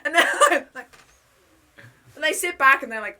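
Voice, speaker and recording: Australian woman, 20s, high and bright, swears and acts out stories in casual chat. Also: expressive, moderate pace. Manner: swears freely, acts out quoted voices. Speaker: college student, podcast guest. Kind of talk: casual chat, animated storytelling.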